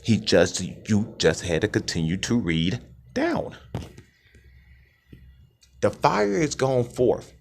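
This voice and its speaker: A low-voiced preacher with swooping pitch. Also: male voice. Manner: calls out "families", asks call-and-response questions. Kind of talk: scripture reading and preaching.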